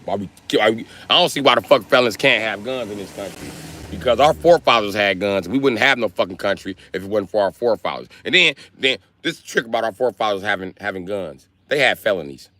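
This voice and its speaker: Man from Milwaukee area, livestream rant, profane, animated, lowish voice, dry sound. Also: brisk, dry recording. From Milwaukee area, United States.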